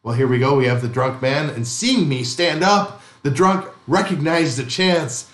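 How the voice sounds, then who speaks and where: A male pastor tells a story in vivid first person during a sermon. His voice sits a little high and carries a roomy echo. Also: moderate pace, a bit bright.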